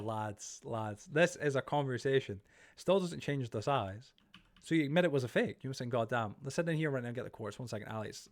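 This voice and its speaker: A young man streaming live, chatting casually, swearing freely and reacting to viewer chat he reads aloud. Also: medium pitch.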